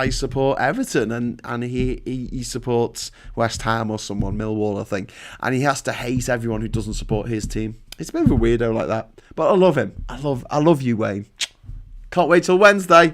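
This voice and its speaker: A man's voice: mid-range voice, a bit bright. A man hosting a livestream and talking through a casual, rambling, profane rant with frequent restarts. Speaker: livestream host. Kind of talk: casual ranting monologue.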